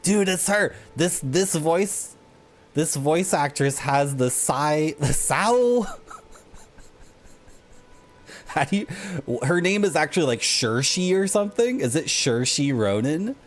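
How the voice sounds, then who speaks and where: Low-voiced chatty woman streaming games. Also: unhurried, a little hiss or hum. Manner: chatty, rambling, self-mocking. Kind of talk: casual gaming commentary.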